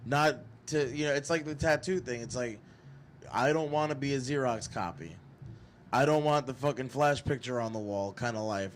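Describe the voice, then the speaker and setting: A man talks in loose, profane podcast chat, heated and rambling. His voice sits at an ordinary middle pitch. A faint hiss sits under the recording. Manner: profane, animated, slips into mock mobster voices. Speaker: podcast host. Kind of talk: casual chat.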